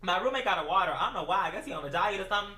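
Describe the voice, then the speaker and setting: A woman's voice: mid-range voice, animated, very fast, bright, forceful tone. A woman telling a funny personal story in a casual, slangy, self-mocking way. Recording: echoey room, mic at a distance.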